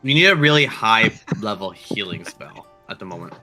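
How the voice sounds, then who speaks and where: A man's voice: lowish voice, lively intonation, moderate pace, bright, forceful tone, faint music behind. A man running a tabletop game as dungeon master, casual and dry, often restarting his sentences.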